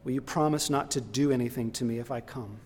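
A man voicing a frightened young girl in a retold storybook scene, pleading in a halting, hesitant way. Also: mid-range voice, darkish tone, a little hiss or hum, natural voice. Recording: long reverb in a large hall.

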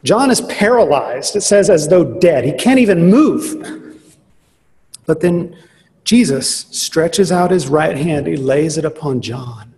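A man preaching a sermon, earnest and emphatic, slowing down on key phrases. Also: fairly high pitch, expressive, darkish tone. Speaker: pastor. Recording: long reverb of a large hall.

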